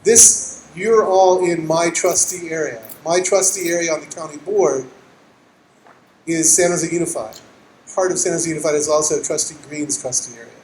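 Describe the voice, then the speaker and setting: A male trustee rallies a public meeting with fervent lines. His voice sits high. It rings in an echoey hall over a faint hiss. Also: darkish tone. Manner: fervent, rallying. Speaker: county school board trustee.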